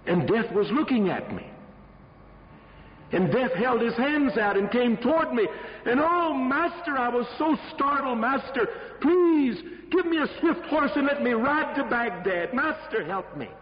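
A man's voice: high voice, very animated, takes it slowly, dull audio, heavily acted. A man voicing a panicked male servant who begs his master for help after meeting Death, in a recording with long hall reverb. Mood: panicked pleading. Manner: pleading, breathless, frantic.

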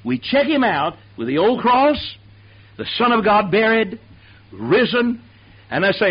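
A man's voice: high-pitched, big pitch swings, a little slow, breathy edge. A man preaching a sermon who calls on the congregation to answer him aloud. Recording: dull lo-fi sermon tape.

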